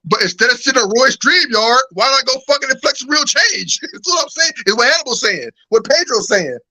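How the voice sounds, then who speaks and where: A man with a very high, bright and sharp voice rants in exasperation, swearing constantly. He joins a livestream debate over a video call. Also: sing-song, brisk, low-quality recording. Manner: profane, exasperated ranting. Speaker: guest on livestream. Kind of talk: heated casual debate.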